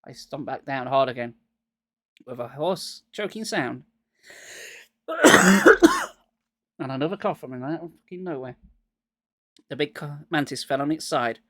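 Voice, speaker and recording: A man's voice: a little high, lively intonation, unhurried, pauses often, pushed and bright, no echo. A man getting over a cold, reading a children's horror book aloud live and dropping wry jokes between passages.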